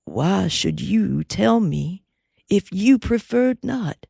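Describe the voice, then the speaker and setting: Woman doing a young cowpuncher, grave and gentle, plain folksy Western talk, slow, dry close sound. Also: mid-range voice, expressive, gravelly, husky, no room sound, voice pushed up, heavily acted. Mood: earnest.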